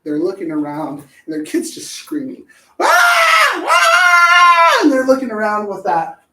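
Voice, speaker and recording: A woman's voice: fairly low pitch, expressive, moderate pace, raised voice, noisy background. A woman gives a loose, chatty talk about parenting. She jokes and slips into little acted voices. She sounds some way off from the mic, in a room with plenty of echo. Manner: chatty, jokey, acts out voices and sings snatches. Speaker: parenting educator. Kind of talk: casual presentation. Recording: echoey room, voice from a distance.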